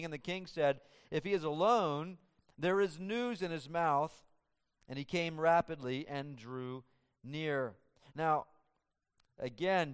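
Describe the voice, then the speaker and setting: A man preaching through a scripture passage in a slightly higher voice with a smooth, resonant tone. He is animated and acts out the characters' dialogue in shifting voices as he teaches. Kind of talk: expository sermon.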